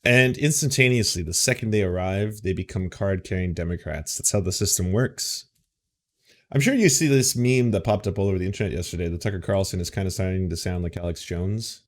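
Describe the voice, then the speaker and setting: Rambling sarcastic low-voiced male host. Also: brisk. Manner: rambling, sarcastic, repeats words. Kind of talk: casual political commentary.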